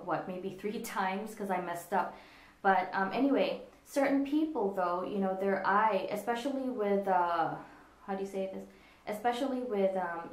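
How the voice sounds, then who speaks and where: Woman, makeup tutorial, step-by-step explaining, computer camera, echoey room, mid pitch. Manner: explains step by step while demonstrating on herself. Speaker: makeup vlogger. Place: indoors at a desk with a monitor. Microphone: computer camera in front of her.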